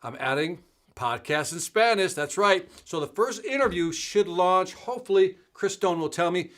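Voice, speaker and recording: Male host, middle-aged, bright energetic delivery, calls out live-chat viewers by name, casual tone. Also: sits high, moderate pace. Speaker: host of a live sales show.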